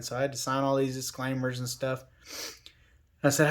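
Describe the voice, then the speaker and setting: A man telling a personal story in a casual, unhurried way, with plenty of fillers and restarts. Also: mid-range voice, level tone. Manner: unhurried, lots of fillers and restarts, quoting others. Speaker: covid survivor telling his story.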